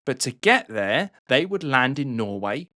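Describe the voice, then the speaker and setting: A man's voice: mid-range voice, big pitch swings, a little slow, sharp tone, no room sound, studio quality. Chatty man telling history. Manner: chatty, swearing, tags lines with "right?". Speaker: podcast host. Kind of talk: casual history storytelling.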